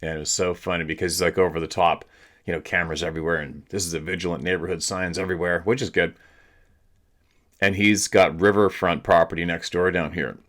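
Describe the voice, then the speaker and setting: A deep-voiced male host, a bit bright and fairly quick with a steady tone, chats casually at home. His storytelling is loose and relaxed, peppered with swearing and frequent laughs, and he's recorded on a laptop camera.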